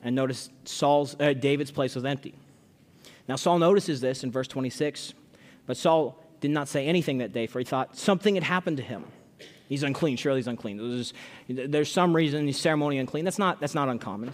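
A man's voice: mid-range voice, fairly quick. A man preaching an expository sermon, reading scripture aloud and explaining it in a conversational way, often repeating his words as he goes. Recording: long hall reverb.

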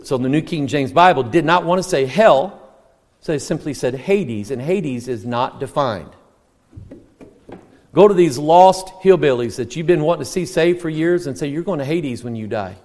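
A man preaching a sermon, emphatic, asking rhetorical questions and rising to near shouts. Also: on the high side, lively intonation, moderate pace. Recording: long reverb of a large hall.

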